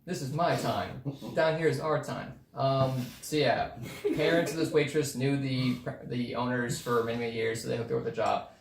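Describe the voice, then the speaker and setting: Gravelly-voiced man chatting easily. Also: medium pitch, steady tone, normal speed, recorded from a distance. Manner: easygoing, rambling. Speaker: podcast co-host, restaurant worker. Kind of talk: casual chat. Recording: echoey room, faint noise.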